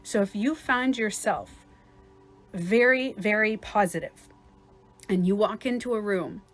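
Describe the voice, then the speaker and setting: A woman's voice: mid-range voice, a little slow, soft background music. A woman life coach in a casual livestream talk, chatty and swearing at times, acting out other people's voices.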